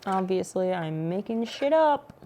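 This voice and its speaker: A woman's voice: medium pitch, big pitch swings, unhurried, mellow. A woman streaming from home, chatting casually with viewers, playful and teasing, with some swearing.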